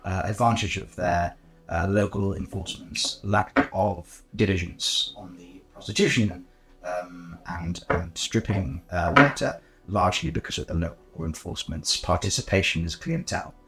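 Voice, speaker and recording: Bright-voiced man running a tabletop game. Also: sits low, moderate pace, low-quality recording. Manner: hesitant, full of ums and restarts, casual. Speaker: game master.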